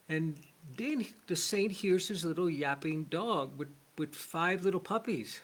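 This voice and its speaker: A man's voice: a little high, lively intonation, a little slow. A man teaching a spiritual lesson, telling a parable in an earnest storytelling manner. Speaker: shamanic teacher.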